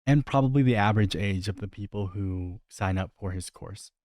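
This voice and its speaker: Young male commentator, low voice, dry close sound, critical and chatty reaction tone. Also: moderate pace, darkish tone, no room sound. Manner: critical, incredulous, conversational. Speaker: commentary host reacting to a video.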